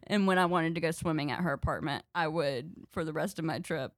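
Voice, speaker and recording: A woman comedian from North Carolina, telling a story in casual chat, animated, laughing often and acting out quotes. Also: deep voice, normal speed, no room sound, studio quality. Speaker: comedian guest.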